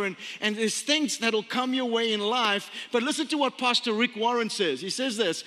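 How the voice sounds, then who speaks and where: A man in his thirties preaching a sermon as pastor, chatty and storytelling, repeating phrases and slowing down for emphasis. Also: very high voice, sharp tone. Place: church sanctuary. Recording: long hall reverb.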